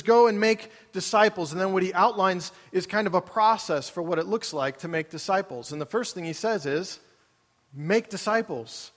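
A man preaching a sermon in a high voice, talking casually with his congregation and asking them questions. His voice rings out in a large auditorium with a long reverb tail. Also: fairly bright tone. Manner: conversational, asks the congregation questions. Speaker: pastor.

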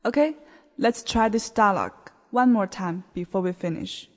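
On a podcast, a woman with a mid-range voice teaches a beginner language lesson, explaining words slowly and clearly. The recording carries long hall reverb.

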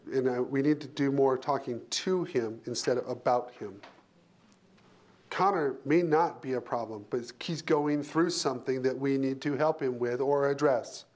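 A man working as an HR leader, speaking as a panel guest in short, emphatic phrases he often repeats. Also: mid-range voice.

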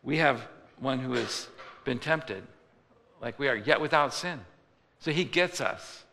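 A man preaching in a large church, his voice gravelly and bright with an edge of tension. He talks in a loose, conversational way, slipping into the voices of people he quotes. Long reverb rings around him in the hall. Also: mid-range voice, expressive, unhurried. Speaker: pastor. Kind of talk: sermon.

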